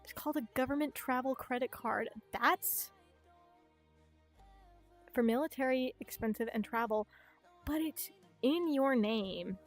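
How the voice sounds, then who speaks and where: A woman's voice: sits high, measured pace, long pauses, soft background music. A young woman streaming casually, ranting animatedly, swearing a lot and acting out other people's voices. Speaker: VTuber streamer. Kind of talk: casual livestream chat.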